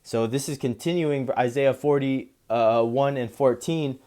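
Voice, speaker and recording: A male preacher works through scripture line by line. He gives the verses slow, deliberate weight. His commentary is relaxed and conversational, sprinkled with "you know" and "man.". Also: mid-range voice. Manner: slow solemn reading, then loose casual talk with frequent "you know" and "man".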